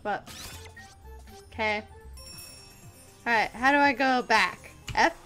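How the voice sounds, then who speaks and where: A young woman hosting a gaming channel, giving excitable, playful, self-mocking let's-play commentary. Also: fairly high pitch, takes it slowly, faint music behind.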